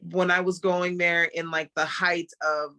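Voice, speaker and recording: A woman guest on a podcast, talking casually about martial arts in an animated, laughing way. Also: fairly low pitch, measured pace. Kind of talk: casual interview chat.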